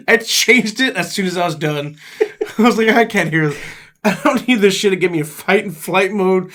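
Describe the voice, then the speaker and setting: A man's voice: high-pitched, moderate pace. A man in casual podcast chat, telling a funny story with lots of laughter and quoted lines. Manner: animated, laughing storyteller quoting cartoon lines. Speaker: podcast co-host.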